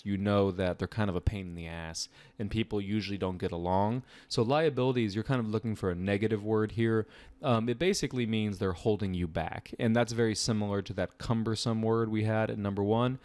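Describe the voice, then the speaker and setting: A man with a slightly low voice works through vocabulary questions like an easygoing test-prep tutor, giving a casual explanatory lesson. He's relaxed and conversational, full of fillers and asides, and the recording is dry and close with no room echo.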